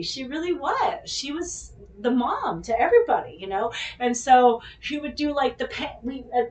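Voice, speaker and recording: A woman from the Bay Area, hosting a vlog and telling a casual, animated story with plenty of swearing, speaking straight to her viewers. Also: on the high side. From California Bay Area. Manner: profane, animated, addresses viewers directly. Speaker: vlog host. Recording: echoey room, mic at a distance.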